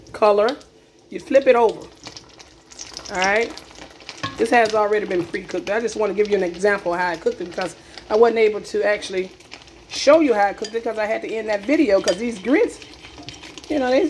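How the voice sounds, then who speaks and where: A woman's voice: mid-range voice, slight background noise. A woman hosting a casual cooking demonstration in her home kitchen, chatty and repeating herself with lots of "okay?" asides. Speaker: cooking video host.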